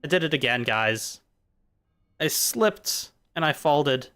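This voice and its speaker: Male streamer, loose playful musing over gameplay, a touch high-pitched, smooth clean timbre. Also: lively intonation, takes it slowly, sharp tone. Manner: playful, musing, jumping between jokes and philosophy. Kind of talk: casual rambling chat while gaming.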